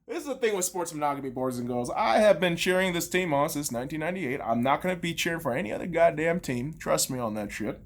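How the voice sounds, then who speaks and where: A woman's voice: low voice, expressive, fast, hardly any pauses. A woman podcast host, in her thirties, on a heated and profane sports rant full of sarcastic jabs.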